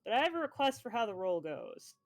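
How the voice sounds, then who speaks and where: A woman's voice: a little high, sing-song, fast talker. A woman playing a tabletop game on a live stream, describing her character's actions and laughing often. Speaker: player.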